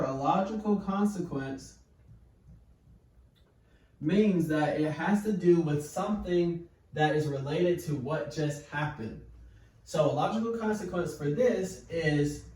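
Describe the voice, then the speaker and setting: A man teaching in a calm, patient, step-by-step way, as if talking through notes on a whiteboard. His voice sits a little high. The sound is very roomy and echoey, picked up by a mic some distance away. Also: a little slow. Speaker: parenting educator. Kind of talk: explaining at a whiteboard. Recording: echoey room, mic far off.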